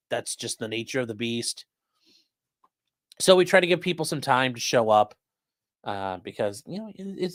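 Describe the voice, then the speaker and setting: A man's voice: medium pitch, no room sound. Casual male livestream host, dry close sound. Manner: loose and conversational, many fillers, repeats phrases. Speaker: host of a legal commentary livestream. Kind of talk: casual livestream chat reading viewer comments.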